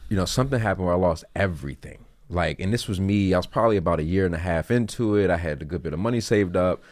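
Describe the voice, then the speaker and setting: Podcast host guy, low voice, talks fast, frank, dry sound. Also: dry recording. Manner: frank storytelling, swears casually. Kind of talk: casual podcast conversation.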